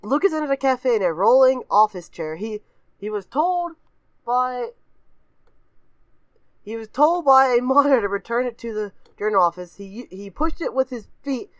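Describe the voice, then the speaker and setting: A woman hosting a reaction video, reading aloud haltingly, giggling and breaking into shrieking laughter and goofy voices. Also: on the high side, lively intonation, no echo. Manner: frequently puts on goofy voices of kids. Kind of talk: casual reaction commentary.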